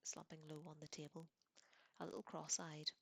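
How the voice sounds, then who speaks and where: Woman whispering a story real close, low flat voice, dry room, whispered role-play. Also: normal speed, gravelly, husky, no room sound. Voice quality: soft unvoiced whisper. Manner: gentle, hushed storytelling. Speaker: audiobook reader.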